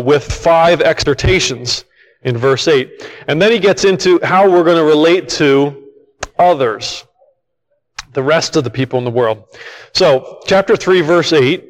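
Man preaching in a reverberant hall. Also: a little high. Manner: conversational, asks the listeners questions. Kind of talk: Bible teaching sermon.

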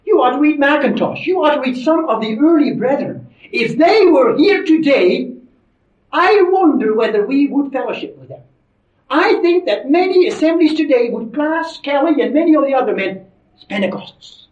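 A man's voice: very high-pitched, animated, moderate pace. A man preaching a sermon in an emphatic, conversational way, with frequent asides to his listeners. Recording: roomy, distant, dull lo-fi sermon recording.

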